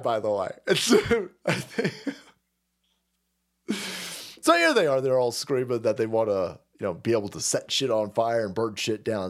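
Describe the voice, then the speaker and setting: A foul-mouthed man rants through a political commentary stream, heavy on sarcasm and mockery. His pitch is lively and swings widely, and he keeps slipping into exaggerated mocking voices. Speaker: stream host.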